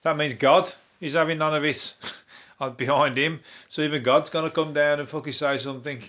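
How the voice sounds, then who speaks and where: A man's voice: a little high, steady tone, moderate pace, fairly bright tone. A man with a Birmingham accent, a comedian hosting a rambling, sweary comic news monologue. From Birmingham, England. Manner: sweary, laughing, digressive. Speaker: comedian host.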